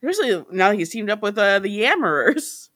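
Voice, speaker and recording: A woman co-hosting a podcast, joining the recap with animated asides and jokes in casual chat. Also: mid-range voice, a little fast. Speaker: podcast co-host.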